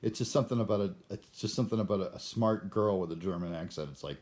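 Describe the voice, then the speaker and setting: A man's voice: deep voice, fast talker, hardly any pauses, darkish tone. An older man talking to the camera in a rambling monologue, often stammering and restarting his sentences. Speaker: vlogger.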